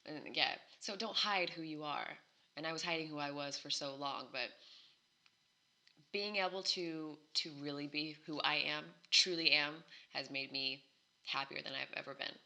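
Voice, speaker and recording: A woman's voice: low voice, moderate pace, gravelly, pushed and bright. A woman, an actress appearing as a podcast guest, chatting in an earnest, affirming way. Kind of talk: casual chat.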